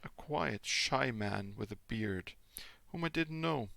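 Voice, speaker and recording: A man's voice: mid-range voice, expressive, slow pace, creaky, sharp tone, no room sound. A man whose first language is German, a father reading a classic novel aloud expressively, with occasional small slips.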